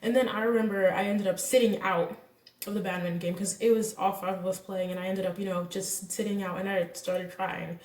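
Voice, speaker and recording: A woman's voice: medium pitch, fairly quick, distant mic. Young woman vlogger telling a story. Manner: candid, animated retelling with quoted voices and laughs. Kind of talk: casual storytime. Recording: echoey room, voice a bit off-mic.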